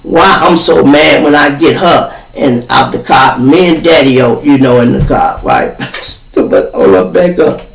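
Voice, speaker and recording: A man with a Chicago accent, hosting a podcast and telling a story in a loose, profane, animated way, acting out the people in it. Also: medium pitch, a little slow, vocal fry, faint music behind. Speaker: podcast host. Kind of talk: casual storytelling. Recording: roomy, distant from the mic.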